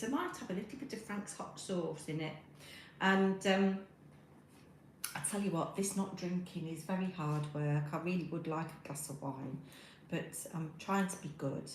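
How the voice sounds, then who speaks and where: A woman's voice: lowish voice, moderate pace, echoey room, a little hiss or hum, low-quality recording. A middle-aged British woman chatting on a crafting livestream while she knits, rambling with lots of ums and reading out chat messages. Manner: rambling, friendly, many ums, talks while knitting. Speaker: crafting live-streamer. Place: home room.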